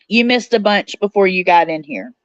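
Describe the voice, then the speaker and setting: A woman with a mid-range voice hosts a casual livestream, chatting with viewers. She's chatty, reading their comments aloud and answering them. The sound is dry, dull and slightly lo-fi, with no echo.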